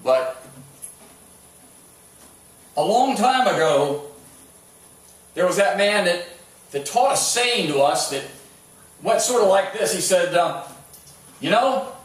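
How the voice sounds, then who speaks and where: A man's voice: high-pitched, expressive, slow, long pauses. A man, the pastor, preaching a sermon in a church and telling stories with a conversational, stop-and-start delivery. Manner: storytelling with sports anecdotes, many restarts. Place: church sanctuary. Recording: echoey church hall, mic at a distance.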